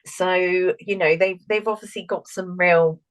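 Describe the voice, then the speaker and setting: A woman's voice: on the low side, steady tone, unhurried, poor audio. Giggly woman co-hosting a podcast. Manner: giggly, trips over words and laughs it off. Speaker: podcast co-host. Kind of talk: casual chat.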